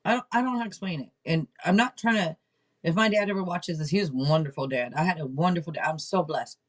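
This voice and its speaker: Loud, blunt woman tarot streamer. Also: deep voice, quick pace. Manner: loud, blunt and joking, swears freely. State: throat irritation. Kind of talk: casual live-stream chat.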